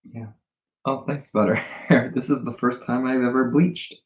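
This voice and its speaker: A young man from Canada co-hosts a casual livestream, answering questions with calm, short replies. His voice carries a noticeable room echo. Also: mid-range voice, moderate pace. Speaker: host's boyfriend, co-host. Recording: echoey room.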